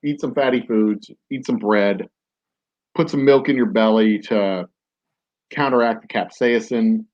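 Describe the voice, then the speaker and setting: A man's voice: lowish voice, unhurried, lo-fi sound. A man hosting a podcast, telling a story casually, rambling with many fillers and restarts. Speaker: podcast host.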